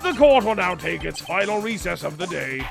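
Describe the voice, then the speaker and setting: A man's voice: high voice, sing-song, normal speed, gravelly, music in the background, pitched below the performer's own voice, full character voice. A man voicing a stern, fussy elderly male judge in a video game, speaking formally.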